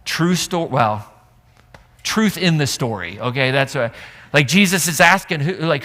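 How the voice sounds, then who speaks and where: A male pastor delivers a sermon at a moderate pace in an animated, joking, conversational style. His bright, fairly high voice swings widely in pitch, and a long church reverb trails each phrase.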